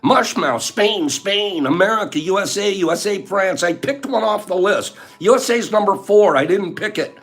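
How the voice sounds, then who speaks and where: A man's voice: high voice, expressive, normal speed, hardly any pauses, a bit bright. An older man hosting a casual live chat, playful and joking, laughing often and reading out viewers' answers. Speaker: livestream host.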